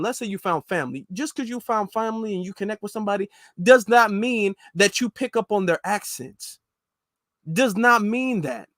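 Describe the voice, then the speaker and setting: Exasperated american guy ranting over clips, high voice, dry close sound. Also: bright, forceful tone, dry recording. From United States. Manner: exasperated, stammering restarts. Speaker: commentator reacting to clips. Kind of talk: reaction commentary.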